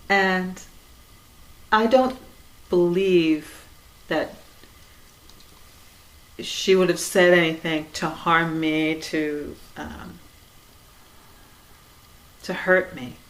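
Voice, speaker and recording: Soft-spoken woman giving a gentle spiritual talk. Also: on the low side, poor audio. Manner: conversational, frequent "you know", soft laughs. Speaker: dharma talk speaker.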